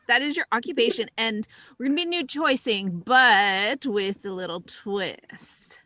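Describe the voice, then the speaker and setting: A woman's voice: on the high side, measured pace, bright, forceful tone, dry recording. A woman hosting an improv comedy show over a video call, announcing the games in an upbeat way.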